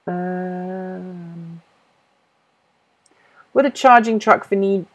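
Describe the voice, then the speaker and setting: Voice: mid-range voice, creaky. A host from Norfolk, England, with an accent that mixes British and American English, chatting casually on a livestream and answering viewer questions while thinking aloud and correcting themself. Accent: mixed British and American English.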